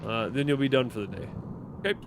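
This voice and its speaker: A man's voice: medium pitch, quick pace, gravelly, background noise. A man hosting a let's play, reading game text aloud and commenting, self-deprecating and stumbling over words. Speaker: gaming channel host.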